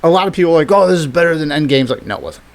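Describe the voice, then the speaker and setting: A man co-hosting a casual chat, telling a story with lots of swearing, laughter and excited reactions. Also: a little high, racing. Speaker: podcast co-host.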